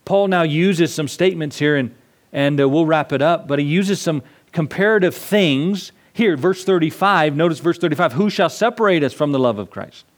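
A fairly high-voiced man preaching. He swings from loud, emphatic declarations to quiet asides and acts out the voices of the people in his stories. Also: moderate pace. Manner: impassioned preaching with sudden swings between loud and soft; acts out dialogue in a storyteller's voice. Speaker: pastor. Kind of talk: sermon.

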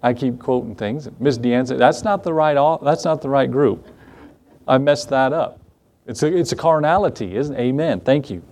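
A man's voice: medium pitch, normal speed, darkish tone. A male pastor preaching a sermon in a conversational way, with rhetorical questions and repeated phrases.

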